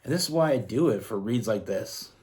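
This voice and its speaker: A man's voice: fairly low pitch, expressive, brisk, a little mellow. A man from Canada giving a casual tarot love reading, earnest and rambling with frequent restarts. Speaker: tarot reader.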